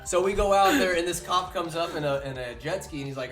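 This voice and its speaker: A man telling a story in a casual podcast chat, animated and laughing often as he talks. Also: on the high side, fast talker, over music. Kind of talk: casual locker-room chat.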